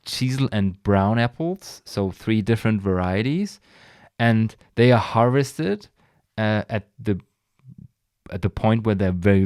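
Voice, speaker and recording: Low-voiced man chatting enthusiastically. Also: darkish tone, no echo, clean studio sound. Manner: enthusiastic, rambling, frequent restarts and sighs. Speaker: podcast host. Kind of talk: casual solo wine podcast.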